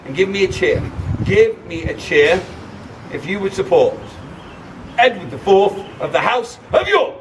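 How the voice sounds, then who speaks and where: A man's voice: high-pitched, very animated, a little slow. Teasing showman, distant, windy outdoors. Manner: theatrical, teasing, bursts into shouted battle cries. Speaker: costumed castle performer. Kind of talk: live comic crowd-work show. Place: outdoors at a castle gate. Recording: distant handheld recording with loud wind. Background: crowd of visitors and wind noise.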